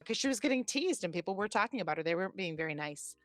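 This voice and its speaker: A woman in her forties, a podcast host, telling a personal story in an animated, chatty way. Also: mid-range voice, racing, no echo, faint music behind. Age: 40s. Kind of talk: casual storytelling chat.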